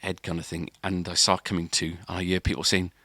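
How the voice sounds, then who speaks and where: A man's voice: sits low, level tone, quick pace, sharp tone, dry recording, studio quality. A man, a podcast co-host, telling a long story in casual chat, rambling with restarts and filler words.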